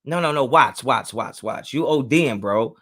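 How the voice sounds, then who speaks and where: A man's voice: mid-range voice, expressive, a little slow, bright, forceful tone. A young man hosting a live sports fan talk, arguing heatedly with chat and repeating himself to press a point. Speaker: sports talk show host.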